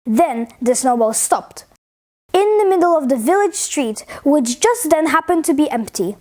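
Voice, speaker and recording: A woman reading a funny children's story aloud in an expressive, playful way. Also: sits high, a little slow.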